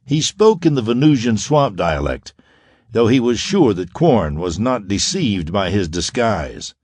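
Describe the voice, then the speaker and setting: A man narrating an audiobook in an expressive, lively reading style. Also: on the low side, unhurried, dry recording, clean studio sound.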